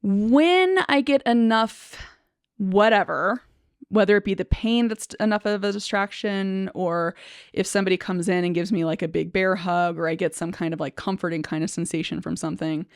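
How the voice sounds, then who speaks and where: A woman's voice: medium pitch, dry recording. Reflective woman with a dry, close sound. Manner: reflective, halting, many fillers and restarts; soft nervous laughter. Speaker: speech-language pathologist. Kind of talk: personal explanatory talk to camera.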